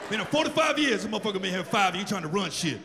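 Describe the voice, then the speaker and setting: An old-timer security guard rants in a high, rushed voice, scornful of a newer coworker and swearing freely, as a man on stage puts him on. The voice rings through a long echoey hall over clear room noise. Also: very animated, full character voice. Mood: indignant. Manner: ranting, profane, scornful. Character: veteran male stadium security guard, indignant.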